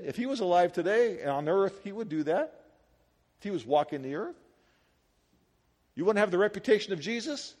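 A male pastor preaches energetically, his high voice rising to loud peaks and dropping to quiet asides. He talks conversationally, asking his congregation one rhetorical question after another. The large hall adds a long reverb.

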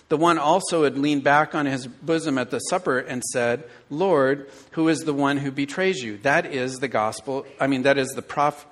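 A middle-aged man preaching a sermon to his church, telling stories with animated, acted-out inner dialogue. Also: mid-range voice. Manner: animated storytelling, acting out his own inner voice. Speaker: pastor.

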